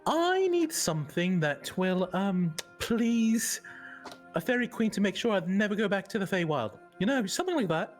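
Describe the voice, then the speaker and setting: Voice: medium pitch, very animated, moderate pace, soft background music. A player at a tabletop game, speaking in character with a hesitant delivery full of "um"s. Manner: hesitant, many "um"s.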